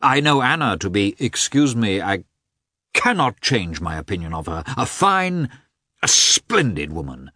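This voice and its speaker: A man voicing an effusive, kindly aristocratic gentleman who exclaims and pleads in a high voice. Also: big pitch swings, measured pace, no echo, clean studio sound, exaggerated voice. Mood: pleading.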